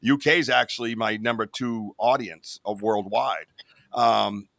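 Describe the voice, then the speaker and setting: A man's voice: fairly low pitch, unhurried, vocal fry, a bit bright, dry recording. A man hosting a podcast in casual chat, rambling with lots of "you know what I mean.". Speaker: podcast host.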